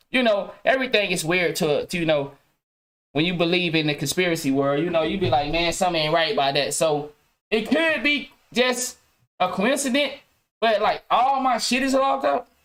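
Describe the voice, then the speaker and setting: With a high, somewhat bright voice, a man rants casually on his own podcast to viewers, slinging loose slang and heavy cursing and frequently restarting his thoughts.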